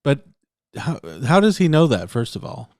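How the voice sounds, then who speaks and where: A man's voice: a little high, very animated, normal speed, dry recording, studio quality. A man co-hosting a podcast, talking in an easygoing casual chat and explaining things plainly. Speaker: podcast co-host.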